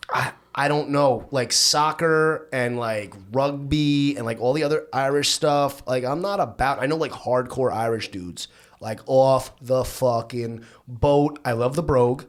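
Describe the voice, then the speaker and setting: Excitable slangy male podcast host. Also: mid-range voice, a little slow. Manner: excitable, slangy, swears casually. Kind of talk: casual podcast chat.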